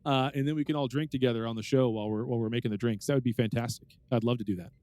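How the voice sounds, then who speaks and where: A man's voice: mid-range voice, steady tone, racing, a little mellow, dry recording. A man hosting a podcast trivia game, talking in a casual, rambling way with many fillers. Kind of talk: casual chat.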